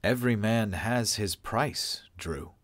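Audiobook figure: a calm, measured security director with a low voice, read by a man. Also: no room sound. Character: mild, unflappable male security director.

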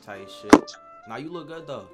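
19 yo new dude, slangy and brash, medium voice, music going in the back. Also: male voice, medium pitch, expressive, moderate pace. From Queens, New York. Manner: brash, slangy, flirting cockily. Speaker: streamer chatting with strangers. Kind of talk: casual video-chat banter.

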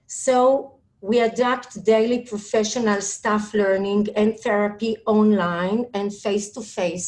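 Israeli woman, non-native English, slow halting webinar talk, video-call audio, many fillers. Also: medium pitch, darkish tone. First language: Hebrew. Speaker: school administrator speaking on a panel. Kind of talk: webinar presentation.

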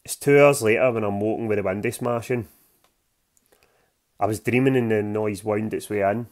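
A man's voice: fairly low pitch, darkish tone. A young Scottish man, the author, reading from his novel in a gritty, plain-spoken way full of slang.

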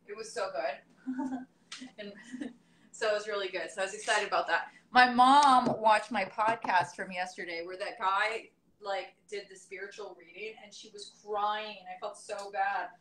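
A young woman talks her way through breakfast on a live stream, rambling and laughing easily at a middle pitch. Her voice rings in an echoey kitchen, with faint clinking of cutlery and dishes behind her. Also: moderate pace, a bit bright, slight background noise. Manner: chatty, rambling, laughs often. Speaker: vlogger doing a live stream. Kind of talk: casual live-stream chat while cooking. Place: home kitchen. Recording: echoey kitchen with dish clatter.

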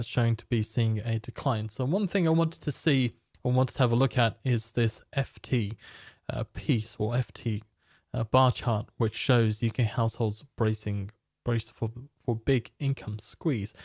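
A man presenting a financial market preview, walking through economic data in a steady, explanatory way. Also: medium pitch, no room sound, clean studio sound. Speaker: market analyst.

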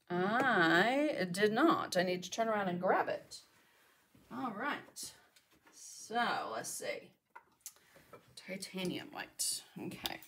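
In her home art studio, a middle-aged woman leads a live painting tutorial, chatting away and talking to herself as she works. Her voice is medium-pitched and sharp in tone, with a slight hiss or hum in the audio.

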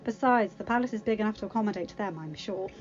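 A woman reading aloud, voicing a gentle but firm young king in a softer, lower tone. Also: quick pace, muffled recording, faint music behind, lightly acted. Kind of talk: storybook reading.

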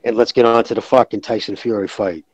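A man's voice: lowish voice, fairly even intonation, fast, breathy edge, no echo, rough recording. A man calling in to a show, talking in a heated, profane, rambling way. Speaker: caller. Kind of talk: casual call-in chat.

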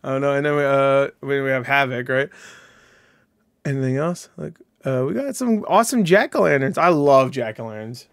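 Hosting a casual reaction video, a man with a medium-pitched voice rambles excitably at a moderate pace, thinking out loud through many fillers and restarts while laughing and swearing often.

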